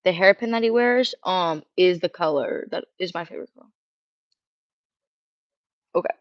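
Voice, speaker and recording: A streamer with a feminine-sounding voice, casually ranting and rambling, cursing freely and reading chat questions aloud. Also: female voice, on the low side, normal speed, dry recording. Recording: dull lo-fi dry mic sound.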